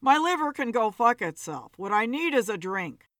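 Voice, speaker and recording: A woman's voice: fairly high pitch, sing-song, normal speed, fairly bright tone, dry recording, clean studio sound. A woman voicing a bitter, self-pitying man who drinks hard, in an audiobook story. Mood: defensive.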